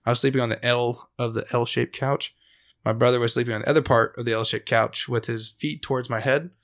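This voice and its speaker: A young man hosting a podcast, casually telling a story with plenty of swearing and a lively build to the scary parts. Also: medium pitch, fairly quick. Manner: profane, animated when telling the scary parts. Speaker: podcast host.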